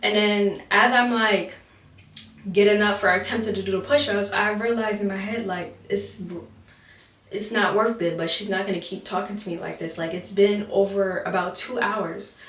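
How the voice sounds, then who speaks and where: A woman's voice: mid-range voice, steady tone, normal speed, a bit bright, far from the mic. A young woman telling a story in a chatty vlog, often saying "like", recorded in a roomy space away from the mic. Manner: chatty, many filler "like"s. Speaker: vlogger.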